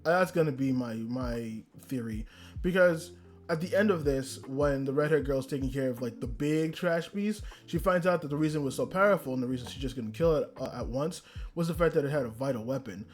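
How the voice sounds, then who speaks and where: A man's voice: mid-range voice, brisk. A man hosting a podcast, talking casually about anime in a rambling way and swearing freely. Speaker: podcast host. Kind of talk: casual anime review rant.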